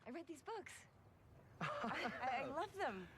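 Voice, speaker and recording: A woman's voice: high-pitched, sing-song, a little slow. An actress playing an eager woman who stammers out her love of books in a film scene. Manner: stammering, giggly. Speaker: film character. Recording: film soundtrack with crowd behind.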